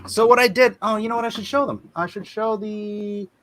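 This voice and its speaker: A man hosting a casual livestream, chatting and reading viewer comments aloud in animated bursts. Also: high voice, brisk. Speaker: livestream host.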